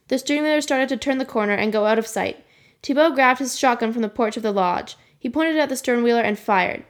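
Woman reader, lively storybook telling, slightly high voice, home kitchen. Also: fairly quick. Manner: lively storytelling, voicing the characters. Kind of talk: storybook reading aloud.

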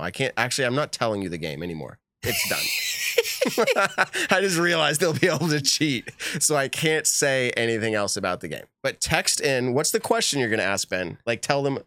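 Animated laughing podcast host, a man. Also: medium pitch, dry recording, clean studio sound. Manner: animated, laughs often, reads texts aloud. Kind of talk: casual live podcast chat.

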